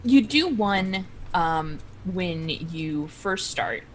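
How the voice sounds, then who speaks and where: A woman with a slightly low voice explains a tabletop rule step by step. Her manner is patient and casual, with a faint hiss of noise and keyboard typing somewhere around her. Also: animated, very slow. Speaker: player. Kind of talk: explaining game rules casually.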